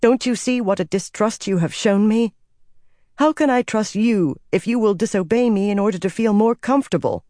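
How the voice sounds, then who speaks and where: A narrator voicing a young woman leader who speaks in a cool, measured and commanding way. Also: mid-range voice, darkish tone, no echo, clean studio sound, voice pushed up, close to an everyday voice. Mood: firm. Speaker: Amyrlin.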